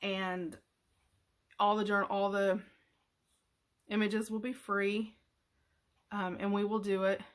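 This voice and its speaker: This craft tutorial is hosted by a middle-aged woman whose medium-pitched voice stays level even though she's emotional and close to tears. She talks casually, rambling and stopping, with frequent fillers and restarts.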